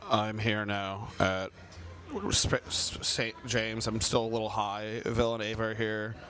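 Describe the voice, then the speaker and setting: A man's voice: on the low side, level tone, a little slow. A man recording a rambling vlog on a handheld phone at a convention. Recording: phone vlog in a noisy crowd.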